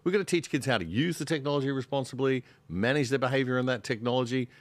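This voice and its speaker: A man's voice: medium pitch, quick pace, dry recording. A man speaking as a guest commentator on a podcast panel, emphatic and indignant as he argues his point. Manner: emphatic, rising into exasperated indignation. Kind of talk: casual panel discussion.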